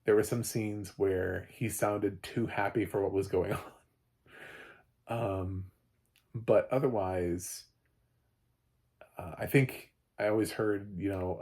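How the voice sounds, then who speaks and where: A man giving a casual, rambling spoken film review, often restarting and jumping up in pitch when animated. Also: gravelly, slightly rough.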